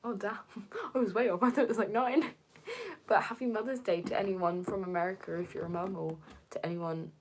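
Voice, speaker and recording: A young woman chatting on a live stream and reading comments, rambling with lots of fillers, slipping into soft whispers and jumping high when excited. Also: fairly quick, a little hiss or hum. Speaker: content creator.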